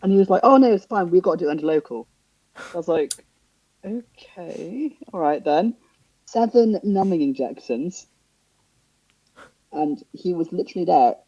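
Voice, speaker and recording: A man's voice: normal speed, long pauses, no echo, dull audio. A young man, casually telling a story on a podcast and acting out the voices of the people in it. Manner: animated, acts out dialogue with big pitch jumps and laughter. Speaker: podcast co-host.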